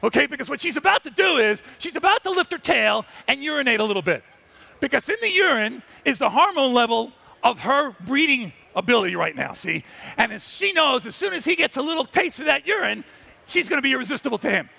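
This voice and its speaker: Exuberant high-voiced male storyteller. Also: big pitch swings, a little fast, vocal fry, sharp tone. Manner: exuberant, breaks into character voices. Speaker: wildlife photographer giving a stage talk. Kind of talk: animated stage storytelling. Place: trade show stage.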